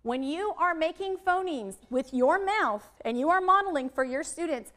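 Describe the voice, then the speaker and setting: A woman with a high voice leads a literacy workshop for teachers. She is middle-aged and lively as she models letter sounds for the room. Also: normal speed, hardly any pauses. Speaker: literacy trainer.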